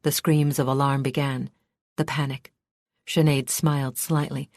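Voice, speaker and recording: A woman reading a fantasy audiobook in a measured, steady storytelling manner. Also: extremely low pitch, no room sound, clean studio sound. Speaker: audiobook narrator. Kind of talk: scripted narration.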